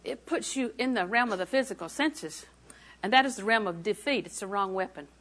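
A woman in her sixties preaching a sermon, repeating phrases for emphasis and moving between quiet asides and loud declarations. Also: medium pitch, animated, brisk.

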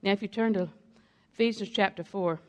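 A woman's voice: medium pitch, brisk. An older woman delivers a sermon with emphatic repetition. She drives her points home through stories told from the pulpit. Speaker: preacher.

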